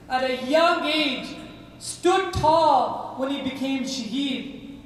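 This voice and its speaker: A man with a very high voice preaches slowly and deliberately, telling a story to his congregation. He speaks with passion and keeps turning to address them directly. His voice rings through a big hall, with a long reverb trailing every phrase. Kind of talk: storytelling sermon.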